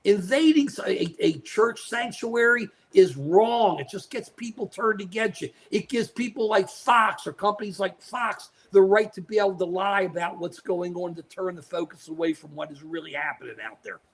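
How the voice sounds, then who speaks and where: On a live political talk show, an older male co-host talks at normal speed with few pauses, his pitch high. His commentary is outraged and emphatic, with repeated phrases and turns to his co-host by name.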